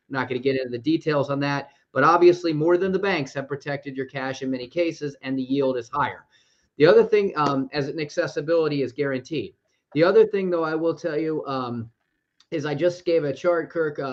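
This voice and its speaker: A man co-hosting a finance podcast, talking in a rambling, conversational way and correcting himself as he goes. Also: on the high side. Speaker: podcast co-host. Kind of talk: casual podcast chat about money. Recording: dull lo-fi podcast audio.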